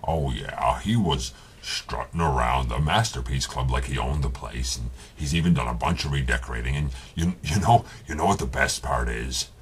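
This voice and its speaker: A man voices a stern robot leader with an extremely deep, gravelly voice. He speaks gruffly and bluntly, with a faint hiss behind him. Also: lively intonation, normal speed, hardly any pauses. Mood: gossipy.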